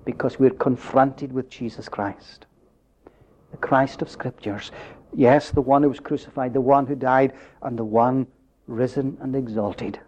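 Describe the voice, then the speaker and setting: A man preaching a sermon, building up to emphatic questions and dropping his voice low at the end of phrases. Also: steady tone, unhurried, a little mellow. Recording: dull lo-fi recording.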